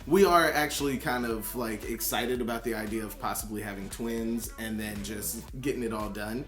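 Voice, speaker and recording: A man's voice: on the low side, normal speed, roomy sound, music in the background. A man co-hosting a casual chat, playfully asking questions and joking along. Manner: playful, animated, asks questions. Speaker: co-host.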